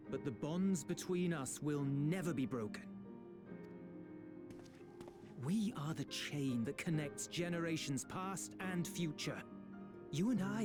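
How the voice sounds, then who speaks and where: An actor playing an earnest, resolute young man in heartfelt video game dialogue. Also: a little high. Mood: pleading. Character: earnest young male patriot, resolute and pleading.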